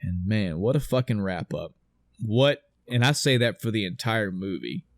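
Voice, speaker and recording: A man co-hosting a podcast, excitedly retelling a film scene by scene, swearing and acting out the dialogue. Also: lowish voice, moderate pace, no echo, studio quality. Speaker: podcast co-host. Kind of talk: casual film discussion.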